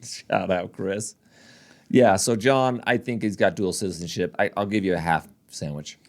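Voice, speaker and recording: A man with a low, deep voice chatting casually as a podcast co-host. He jokes and teases his partner and breaks into laughter often. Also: normal speed. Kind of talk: casual chat.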